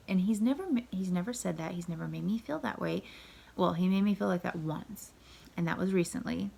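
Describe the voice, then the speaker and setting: A woman's voice: fairly low pitch, darkish tone. A woman in her thirties, a wife and mother, talking candidly and at length to her viewers in a casual vlog. She sounds tired and self-critical, and often drops to a near whisper. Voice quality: gravelly, husky.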